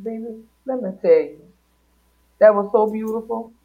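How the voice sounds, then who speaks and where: A woman's voice: on the high side, normal speed. Playful woman podcast host, lo-fi. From Louisiana. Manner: playful, sings out greetings. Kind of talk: casual chat. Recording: dull lo-fi sound.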